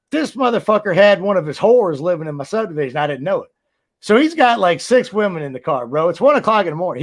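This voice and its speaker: A man on a video call, telling loose, profane stories about his wrestling days and acting out the quotes. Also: high-pitched. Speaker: podcast co-host, former wrestler. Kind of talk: casual profane storytelling.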